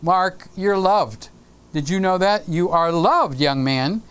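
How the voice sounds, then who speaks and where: Man, live-stream host, lively swooping pitch, teasing, chatty, home studio. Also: slow pace, smooth. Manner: playful, teasing, greeting viewers by name. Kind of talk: casual live-stream chat.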